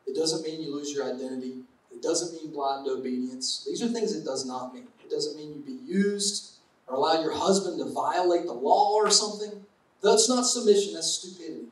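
High-voiced man preaching in an echoey hall. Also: moderate pace, distant mic. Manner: conversational, playful asides to the congregation. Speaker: pastor. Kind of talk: sermon.

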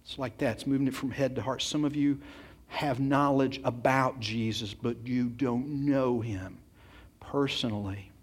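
A man's voice: medium pitch, steady tone, unhurried, slightly rough. A man preaching a sermon, earnest and emphatic, often repeating words as he goes and putting questions straight to his congregation. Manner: addresses the congregation directly with questions.

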